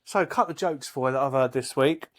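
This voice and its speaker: A man's voice: medium pitch, fast talker. A man, co-hosting a podcast and telling rambling jokes with lots of hesitations. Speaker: podcast co-host. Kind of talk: casual chat, joke telling.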